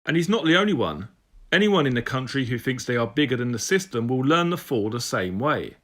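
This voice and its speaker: Guy doing a cold scheming police chief, lively pitch, bright tone, measured menace. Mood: menacing. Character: scheming senior male police superintendent, cold, confident.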